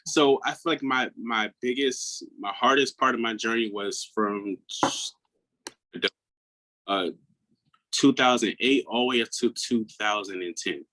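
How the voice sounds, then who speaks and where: A man in his thirties from Maryland, a guest on an interview who speaks earnestly and reflectively, often dropping into a hushed tone. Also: medium pitch, a little slow, low-quality recording. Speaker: guest, mental health coach. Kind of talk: personal storytelling in an interview.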